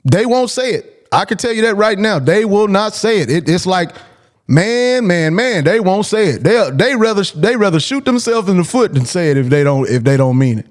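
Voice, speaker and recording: Blunt man with a high voice. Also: big pitch swings, normal speed. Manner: blunt, emphatic, repeats his points. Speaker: host. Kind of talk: casual call-in show monologue.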